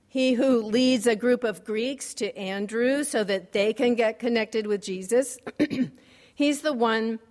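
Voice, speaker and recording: Slow-speaking woman preacher in a reverberant chapel. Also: on the high side. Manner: measured, wry and gently humorous, with soft laughs. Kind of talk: sermon.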